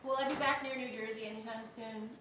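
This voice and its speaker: A woman's voice: a little high, quick pace, recorded from a distance. Chatty woman live-streaming in an echoey room. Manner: chatty, animated, laughs often. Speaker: livestream host. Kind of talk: casual live-stream chat, reading viewer comments. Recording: echoey room, voice off-mic, noisy.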